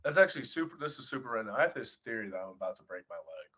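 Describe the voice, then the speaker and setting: A man's voice: on the low side, sing-song, very fast, pushed and bright, breathy edge. A young man co-hosting a podcast, laid-back and offhand in casual chat. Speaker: podcast co-host.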